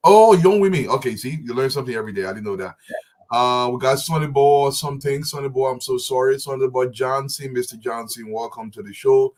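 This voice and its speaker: A man's voice: mid-range voice, steady tone, a little fast. A man co-hosting a live talk show, calling out viewers' names with casual friendly slang. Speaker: show co-host.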